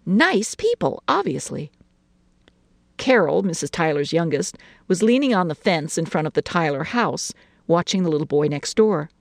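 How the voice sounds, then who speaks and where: A woman narrating a short story in an expressive, lilting reading voice. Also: fairly low pitch, moderate pace, gravelly, dry recording, clean studio sound.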